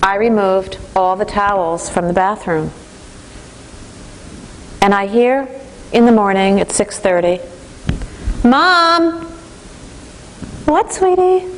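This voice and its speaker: A woman's voice: medium pitch, a little slow, long pauses, a little hiss or hum, rough recording. A woman giving a parenting training lecture to a class, telling stories and acting out voices. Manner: lively storytelling, acts out voices.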